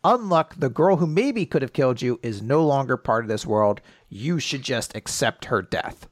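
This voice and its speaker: A man's voice: mid-range voice, expressive, moderate pace, no room sound, clean studio sound, close to an everyday voice. A man putting on a gleeful taunting villain. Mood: mocking. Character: gleeful murderous male villain.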